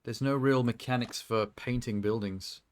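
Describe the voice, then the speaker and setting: A man chats loosely while building in a game on a live stream, rambling from idea to idea. He jokes and laughs often, with an average-pitched everyday voice. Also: steady tone, normal speed, a little mellow.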